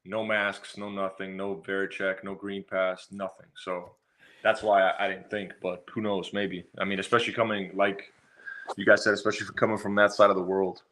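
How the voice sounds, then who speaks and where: A man's voice: low voice, little pitch movement, normal speed, pushed and bright. A man being interviewed as a guest fighter, talking bluntly and rambling with lots of swearing. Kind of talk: casual interview chat.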